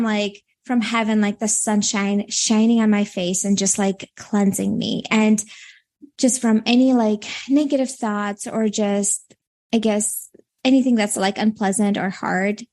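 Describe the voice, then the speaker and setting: A woman's voice: mid-range voice, a little mellow. A woman in her thirties with a Minnesota accent, born in Latvia, speaking as a guest coach in a podcast interview and rambling with many fillers.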